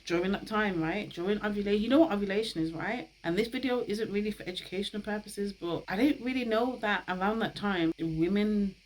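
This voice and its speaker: A woman's voice: medium pitch, a little fast, hardly any pauses, slight background noise, rough recording. A young woman, hosting a casual talk. She is chatty, laughs often and uses slang. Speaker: host.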